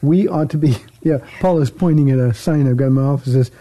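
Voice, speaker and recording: A man, a pastor, talking faith in a casual chat, measured and emphatic, with some restarts. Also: mid-range voice, dark tone.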